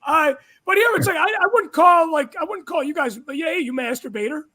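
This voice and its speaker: A man's voice: extremely high pitch, brisk, sharp tone. A man hosting a podcast in casual chat, playful and quizzing, laughing often. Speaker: podcast host.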